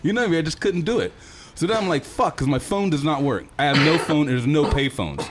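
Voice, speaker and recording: A young man rattles off a story at a quick clip in a slightly raised voice. He swears freely and keeps the talk animated and loose. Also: on the high side, background noise. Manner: fast, profane, animated storytelling. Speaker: guest telling a travel story. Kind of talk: casual storytelling.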